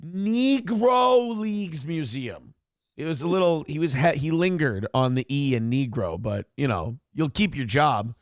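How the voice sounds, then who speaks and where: A man hosting a morning talk show in casual chat, rambling and animated, swearing freely with lots of fillers. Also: mid-range voice, moderate pace, few pauses, no echo, studio quality.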